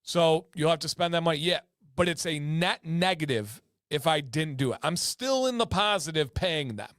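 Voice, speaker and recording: A man hosting a casual livestream chat, emphatic and fond of repeating words for stress. His voice sits a bit high for a man and is heard close and dry, with no room echo. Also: lively intonation, normal speed, a bit bright. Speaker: livestream host.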